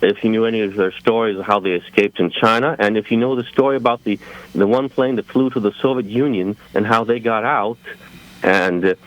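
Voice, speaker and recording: A slightly unwell man calling in to a radio show, friendly and hesitant, filling pauses with many ums and uhs. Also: on the low side, highs cut off. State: a little under the weather. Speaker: caller. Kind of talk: call-in radio conversation.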